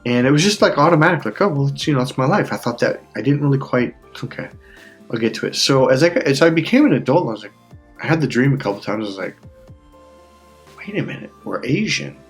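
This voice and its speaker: A man talks in a rambling, heartfelt way, stopping to laugh and catch himself as he fights back tears. His voice sits at an ordinary middle pitch, and soft music plays faintly underneath. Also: animated, fast. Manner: rambling, emotional, with frequent restarts and laughs. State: on the verge of tears. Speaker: life coach. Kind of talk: casual personal monologue.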